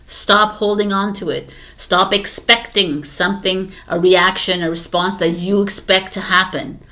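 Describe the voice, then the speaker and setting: A woman giving a casual tarot reading to camera, coaching her viewers in an animated way and laughing often. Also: mid-range voice, measured pace. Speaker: tarot reader.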